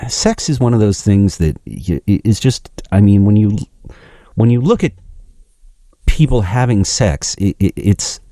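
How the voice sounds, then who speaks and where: Deep-voiced man, halting casual chat. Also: expressive, dark tone, no room sound. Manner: halting, repeats words, chuckles. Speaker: podcast co-host. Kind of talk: casual chat and joke telling.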